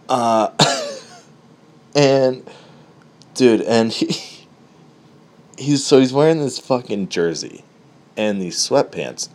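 A man telling a comedic story in an animated, profane way, laughing at his own jokes. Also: low voice.

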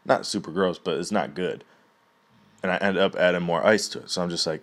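A man's voice: low-pitched, brisk, a bit bright. A young man in a casual, rambling rant, swearing often and laughing at his own stories.

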